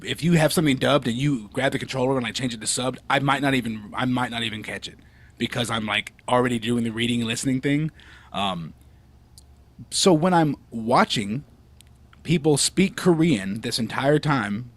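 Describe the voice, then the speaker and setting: A man co-hosting a casual podcast chat, talking in a rambling, animated way with lots of fillers and restarts. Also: medium pitch. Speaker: podcast co-host.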